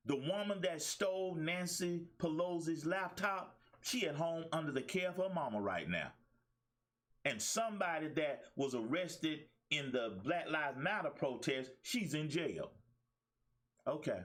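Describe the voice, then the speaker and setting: A middle-aged man hosting a talk show as a life coach has a slightly bright voice on the high side. He gives a fired-up, preachy monologue, emphatic and colloquial, returning to the same phrases again and again.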